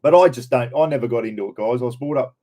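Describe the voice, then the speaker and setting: A middle-aged man from Queensland with a broad Australian accent, hosting a laid-back livestream. He rambles from one thought to the next and greets his viewers by name. His voice sits at an ordinary, middle pitch. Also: fast, mellow. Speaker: livestream host. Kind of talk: casual livestream chat.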